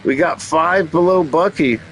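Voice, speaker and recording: Slow, joking race commentator man. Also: on the high side, a bit bright, slight background noise, rough recording. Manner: jokey, teasing asides between race calls. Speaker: race commentator and channel host. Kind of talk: playful play-by-play commentary.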